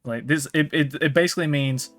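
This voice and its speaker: A man's voice: a little high, brisk, a bit bright. Joking man streaming. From Australia. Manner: joking, coaching, and putting on accents. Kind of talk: casual stream chat.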